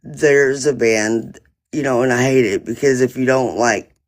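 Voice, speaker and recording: A man's voice: mid-range voice, fairly even intonation, measured pace. A man on a phone live stream, rambling through an indignant, profane story about a neighbor in casual chat. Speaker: livestreamer.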